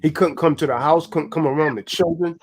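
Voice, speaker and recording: A man's voice: a little high, fairly quick. A man hosting a casual chat, telling stories in an emphatic, blunt way with plenty of swearing. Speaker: host.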